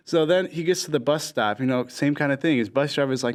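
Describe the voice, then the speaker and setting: A man's voice: fairly high pitch, fairly quick, hardly any pauses. A young man on a casual podcast, telling a long shaggy-dog joke and acting out the characters' lines. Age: young adult. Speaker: podcast guest. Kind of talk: casual storytelling.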